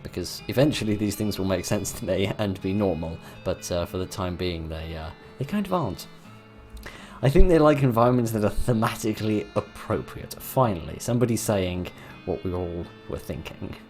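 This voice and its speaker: A man's voice: on the low side, lively intonation, moderate pace, darkish tone, faint music behind. A man hosting a game playthrough, reading the text aloud with dry, sarcastic asides. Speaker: gaming video host. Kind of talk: let's-play commentary and reading game text.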